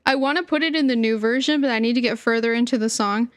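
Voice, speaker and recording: A woman's voice: a little high, fast talker, background noise. A young woman streamer chatting casually, giggling often and trailing off mid-sentence. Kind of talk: casual livestream chat.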